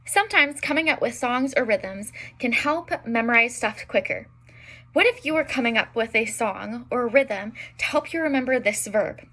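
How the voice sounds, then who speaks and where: A young woman with a bright, fairly high voice gives an online language lesson for beginners. She spells out each example slowly and carefully, with frequent fillers between them. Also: expressive, faint music behind. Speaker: Italian teacher.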